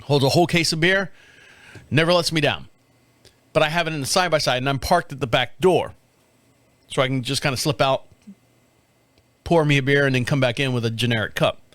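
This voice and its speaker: A man's voice: medium pitch, a little fast, long pauses, no room sound. A man in his fifties telling a long, profane story in casual chat, acting out the people he quotes. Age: 50s. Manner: profane, animated, mimics others in quoted dialogue. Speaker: podcast host.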